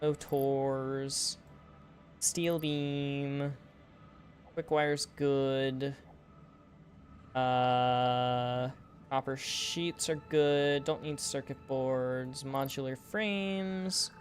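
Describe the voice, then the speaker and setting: A man's voice: medium pitch, steady tone, extremely slow, soft background music. A man giving casual live-stream gameplay commentary, rambling and laughing at his own puns. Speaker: game streamer.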